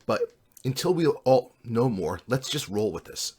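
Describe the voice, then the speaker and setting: Guy doing a bold lady paladin leading the party, steady and rallying, bit husky. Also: medium pitch, unhurried. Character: determined young woman paladin, party leader.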